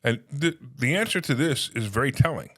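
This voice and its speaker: A man telling stories in casual conversation, animated, acting out phone calls in quoted voices. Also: medium pitch, brisk. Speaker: podcast guest, real estate investor.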